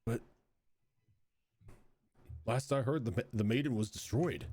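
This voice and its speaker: A man voicing a courteous male minotaur shopkeeper in a tabletop game, speaking in a measured, formal way. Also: medium pitch, darkish tone, husky, no room sound. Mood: polite.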